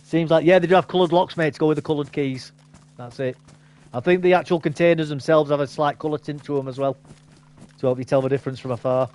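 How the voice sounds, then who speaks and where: A man's voice: a little high, fairly even intonation, fast, a little mellow. A man in casual voice chat while gaming, joking around and laughing often. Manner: jokey, laughs often, says mate a lot. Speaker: gamer in voice chat.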